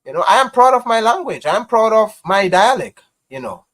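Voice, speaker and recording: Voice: medium pitch, sing-song, fairly quick, a bit bright. Impassioned Grenadian live-streamer. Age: adult parent. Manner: impassioned, repetitive, heavy use of "you know". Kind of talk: casual live-stream talk to viewers.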